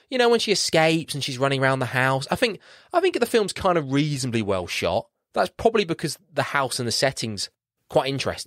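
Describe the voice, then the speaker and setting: A man chats casually about a horror film on a podcast. His pitch swings all over as he acts out his reactions. The sound is close and dry, with no room around it. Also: fairly bright tone, no room sound. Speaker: podcast host. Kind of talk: casual film review chat.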